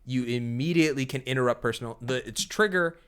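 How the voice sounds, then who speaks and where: Male game master, chatty and loose, mid-pitched, stream-style tabletop narration. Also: heavy background noise. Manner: chatty, with frequent fillers and quick laughs.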